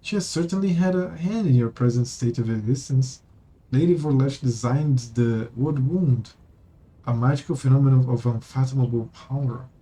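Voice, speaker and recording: A man reading a game's story text aloud on stream and musing about it in an offhand way. His voice is very dark and mellow with a husky edge. His pitch sits at an ordinary middle height. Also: normal speed, rough recording.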